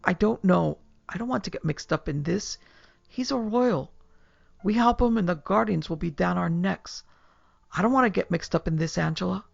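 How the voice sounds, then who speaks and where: A woman's voice: lowish voice, moderate pace, gravelly, dry recording, muffled recording. A woman voicing a nervous young man who hesitates and wavers uneasily, in a horror story reading. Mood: uneasy. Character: young man, nervous, unwilling to get involved.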